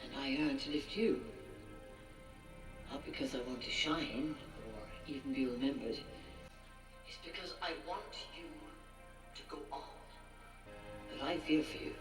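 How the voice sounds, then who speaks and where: A woman's voice: a bass voice, a little slow, long pauses, over music. An actress playing an older woman who gives a solemn, stirring farewell speech that builds to a rallying cry. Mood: earnest. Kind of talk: dramatic screen acting. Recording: roomy, distant sound over a score.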